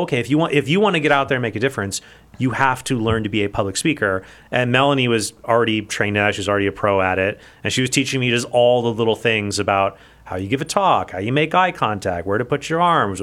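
A man's voice: medium pitch, lively intonation, fast talker, fairly bright tone. A man in his forties, a guest on a radio talk show, chatting in a rambling way with many restarts. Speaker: guest speaker. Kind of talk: casual radio guest chat.

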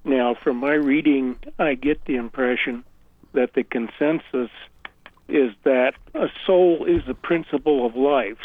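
A man calling in to a radio show, laying out his question carefully and deliberately. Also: mid-range voice. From Illinois. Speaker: caller. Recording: tinny phone line.

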